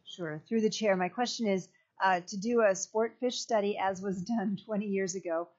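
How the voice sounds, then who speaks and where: A woman's voice: medium pitch, steady tone, normal speed, darkish tone. A woman legislator asking questions in a committee hearing, polite and somewhat tentative. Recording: muffled lo-fi hearing audio.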